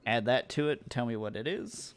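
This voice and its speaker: A man running a tabletop game as game master, walking players through the rules with patient explanations. His voice rises and falls in a lively way as he narrates what the players see. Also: medium pitch, a little fast.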